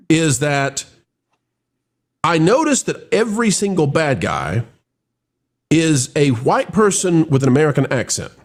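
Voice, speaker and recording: A man hosts a live review show, his voice sitting a little high and swooping all over as he talks. He rambles, circling back and restarting his sentences as he works through his take. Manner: animated, rambling with frequent restarts.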